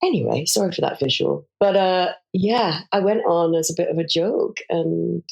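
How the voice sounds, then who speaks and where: Gravelly-voiced frank woman. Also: lowish voice, normal speed. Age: 40s. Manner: frank, self-mocking, animated storyteller. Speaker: podcast guest. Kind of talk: candid conversational interview.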